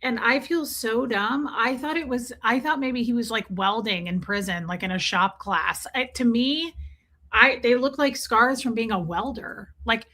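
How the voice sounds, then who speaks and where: Bright-voiced chatty woman streamer. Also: a little high, a little slow. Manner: chatty, rambling, greets viewers by name mid-sentence. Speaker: livestream host. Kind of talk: casual livestream chat, greeting viewers.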